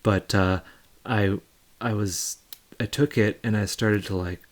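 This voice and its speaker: A man's voice: lowish voice, steady tone, unhurried. A young man hosting a live stream, telling a loose, rambling story in casual chat with many fillers.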